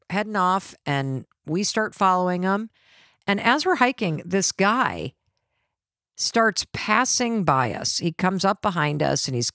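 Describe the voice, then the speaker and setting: Middle-aged woman host, lowish voice, lively storyteller who acts out dialogue, dry sound. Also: no echo. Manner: animated, acts out quoted family dialogue. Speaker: podcast host. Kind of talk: personal storytelling.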